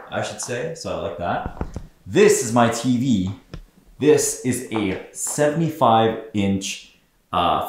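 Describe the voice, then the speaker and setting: A man's voice: sits low, roomy sound, slight background noise. A man in his twenties from Southern California gives a casual, upbeat home tour vlog, walking from room to room with lots of fillers. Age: 20s. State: a bit out of breath at times. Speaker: vlogger.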